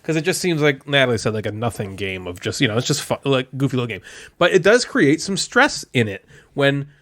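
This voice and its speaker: A man co-hosting a board game podcast in casual chat, animated and laughing often. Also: mid-range voice, brisk. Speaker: podcast co-host.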